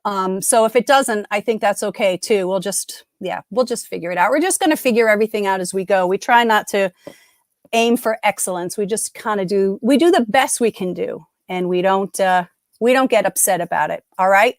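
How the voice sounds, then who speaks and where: A middle-aged woman hosts a live trivia game, chatting in a casual, upbeat way and often cutting herself off mid-sentence. Her voice is medium-pitched and fairly quick, recorded cleanly in a studio with no echo.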